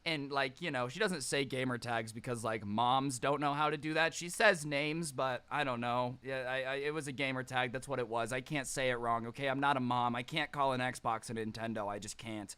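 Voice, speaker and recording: A young man telling a casual storytime with a sarcastic, animated delivery. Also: medium pitch, moderate pace, few pauses, smooth.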